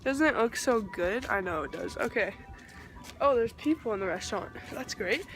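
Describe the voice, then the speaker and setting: Giggly high-voiced young woman vlogging. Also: expressive, normal speed, fairly bright tone, faint music behind. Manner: giggly, keeps breaking into laughter. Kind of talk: casual vlog chat. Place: outdoors on a pier by the water. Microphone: phone camera held by the speaker. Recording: outdoor phone recording with background noise.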